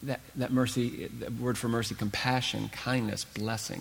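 Gravelly-voiced male pastor preaching. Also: medium pitch, flat delivery, big-room sound. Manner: earnest preaching with dramatic pauses and emphasis. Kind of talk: sermon.

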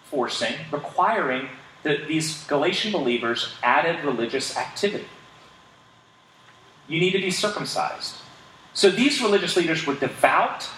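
A man delivers a sermon as pastor, earnest and emphatic, often pausing to ask his listeners rhetorical questions. His voice sits a little higher than most men's. He is recorded from some distance in an echoey hall with a faint hum of ambience behind him. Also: pushed and bright.

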